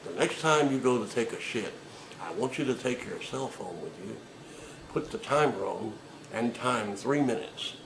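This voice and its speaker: A man's voice: medium pitch, animated, moderate pace, roomy sound, background noise. A man delivering a sarcastic, profane comedic rant with emphatic delivery.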